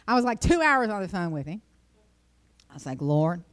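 A middle-aged woman gives a casual devotional talk in a chatty, rambling way, with a voice of ordinary pitch. She jumps high in pitch whenever she quotes herself in her stories. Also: lively intonation, fast, clear, resonant tone. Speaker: Christian speaker.

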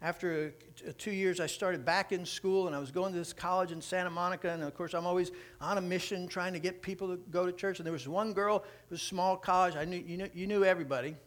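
A preacher man with a high, bright voice tells stories from the pulpit. He acts out the quotes as he goes, with plenty of animation. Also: quick pace, hardly any pauses. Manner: animated storytelling, acting out quotes. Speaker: pastor. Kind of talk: sermon.

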